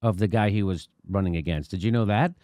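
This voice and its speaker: A man's voice: sits low, fast, dark tone, no echo, clean studio sound. A man hosting a political commentary chat, emphatic, hammering his points with repeated rhetorical questions. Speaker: host.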